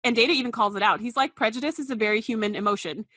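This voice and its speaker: Bright, dry-sounding woman co-host. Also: on the high side, rapid-fire, no room sound. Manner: expressive, laughs while retelling scenes. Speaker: podcast co-host. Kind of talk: casual chat.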